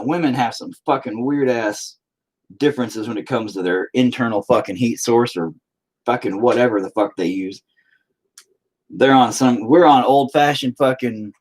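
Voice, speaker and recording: A man's voice: mid-range voice, a little mellow. A man rambling casually to his stream while he paints, swearing constantly and joking. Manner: profane, rambling, jokey. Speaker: streaming artist.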